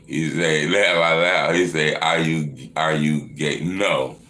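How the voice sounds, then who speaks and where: Man in his 30s, low voice, bright edge, livestream host, cusses and roasts chat, roomy echo. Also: steady tone, slow. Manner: profane, teasing banter that swings into loud mocking rants. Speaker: livestream host answering viewer questions. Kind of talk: casual live Q&A chat.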